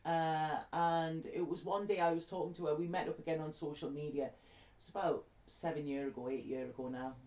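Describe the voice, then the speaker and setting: A woman's voice: sits low, fairly even intonation, a little fast, darkish tone, echoey room. A woman, a tarot reader telling a heartfelt story to camera in a chatty way. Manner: heartfelt, chatty, repeats words.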